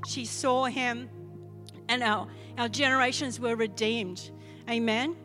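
An Australian woman pastor preaching a sermon, telling a personal testimony in an animated way. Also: a little high, slow, soft background music. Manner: animated storytelling testimony, acting out quoted voices.

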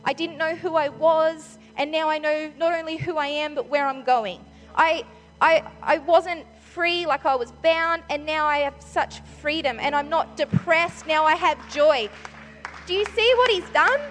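High-voiced excitable woman preaching in hall. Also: measured pace. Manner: excitable, chatty, full of fillers like "like" and "you know". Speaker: church speaker leading the giving talk. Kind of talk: enthusiastic conversational sermon. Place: large church hall with reverb. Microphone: handheld microphone. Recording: long church-hall reverb, faint music.

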